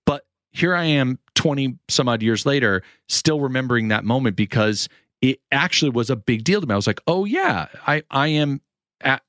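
A man in his forties, a guest and actor, tells stories with lots of animation and slips into the voices of the people he quotes. He speaks at an average pitch, and his voice sounds dry and close, with little room sound. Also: brisk, dry recording. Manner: rambling animated storytelling, acts out quoted voices. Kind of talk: casual chat.

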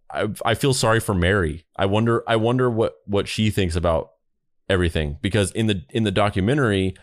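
A man's voice: fairly low pitch, no room sound, studio quality. A man co-hosting a podcast in a rambling, casual discussion with frequent restarts. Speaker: podcast co-host.

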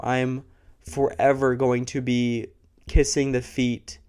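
A man's voice: medium pitch, little pitch movement, measured pace, a little mellow, clear, resonant tone. A young man hosting a true crime podcast, talking casually and earnestly to camera, emotional and a bit sick, laughing between thoughts, close to the microphone. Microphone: close studio microphone.

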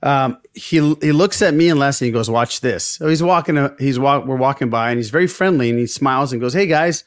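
A man's voice: medium pitch, quick pace, dry recording, clean studio sound. A man hosting a podcast, telling stories and bantering with guests in a friendly, laughing way. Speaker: podcast host. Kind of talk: casual chat.

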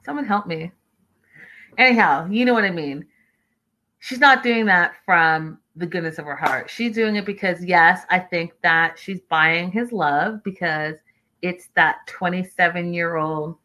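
A woman hosting a casual livestream, chatting with viewers and reacting to their comments in a lively, talkative way. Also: fairly low pitch, unhurried, rough recording. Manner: chatty, animated, addresses viewers as y'all. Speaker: livestream host reading chat. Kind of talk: casual reality-show recap livestream.

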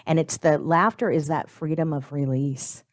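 A woman's voice: deep voice, normal speed. A woman hosting a casual conversation, speaking in a reflective and encouraging way.

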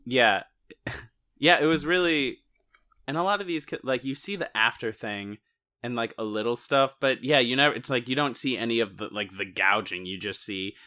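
Talking through a movie for a relaxed podcast he co-hosts, this man rambles, breaks off mid-thought and cracks jokes along the way. His mid-range voice has a sharp tone and moves at an ordinary speed.

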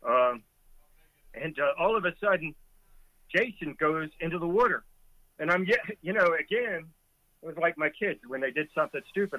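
A man's voice: fairly high pitch, expressive, normal speed, no echo, highs cut off. A middle-aged man, a former Coast Guard boatswain's mate, vividly retelling a rescue with chuckles as a guest in a conversation. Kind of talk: storytelling in a conversation.

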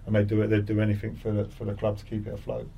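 A man's voice: on the low side, completely flat delivery, racing, creaky, slightly rough, distant mic, dull audio. A middle-aged man, a former footballer, telling stories in a casual interview and acting out crowd taunts with a rising voice. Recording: voice set back from the mic.

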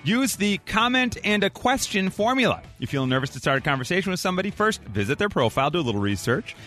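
A man's voice: high-pitched, sing-song, quick pace, sharp tone, faint music behind. A man hosting a morning radio show, bantering playfully and reading a list with mock drama.

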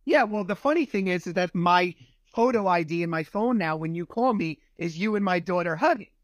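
A man's voice: sits high, animated, brisk, no echo. Direct podcast host man, dry sound. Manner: steers the talk, direct. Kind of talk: conversational interview.

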